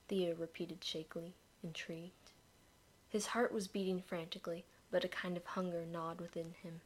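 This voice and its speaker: A woman narrating a dark fantasy story in a measured, expressive reading. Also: on the low side, breathy edge.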